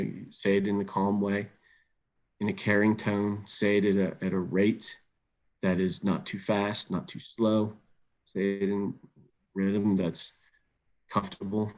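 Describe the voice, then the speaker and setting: A middle-aged man presenting an instructional webinar, calm and measured, often repeating words as he thinks aloud. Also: fairly low pitch. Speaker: webinar presenter on crisis intervention.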